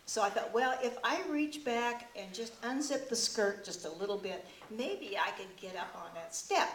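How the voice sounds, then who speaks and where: Woman doing an old widow comic, rambling and deadpan; recorded from across an echoey meeting room with hiss. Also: medium pitch, close to an everyday voice. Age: older. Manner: folksy rambling storytelling with deadpan punchlines. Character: brassy old widowed woman, many husbands, self-mocking. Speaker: comic character performer. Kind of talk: stand-up character monologue. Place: club meeting room before a live audience. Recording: echoey room, distant mic, faint hiss.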